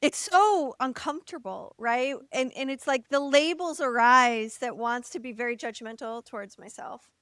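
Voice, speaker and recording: A high-pitched woman co-host tells a frank personal story and acts out quotes as she goes. Her voice is dry and close to the mic. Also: moderate pace, hardly any pauses, no echo. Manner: animated, laughs, acts out quotes; candid, occasional swearing. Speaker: podcast co-host.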